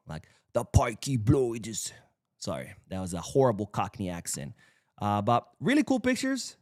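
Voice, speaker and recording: A man hosting a casual sports podcast, chatty and opinionated, wandering off into side remarks. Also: mid-range voice. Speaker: podcast host.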